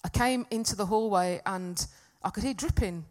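A woman's voice: medium pitch, normal speed, a little mellow. A middle-aged woman giving a talk at a church gathering, telling a personal story in a chatty, self-deprecating way. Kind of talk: sermon with personal anecdote.

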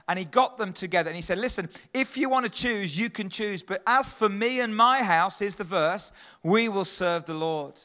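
A man leading a lively church talk, calling out to the congregation and getting them to answer back. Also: sits high. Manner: upbeat, leads the congregation in call-and-response. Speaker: children's worker leading a church service.

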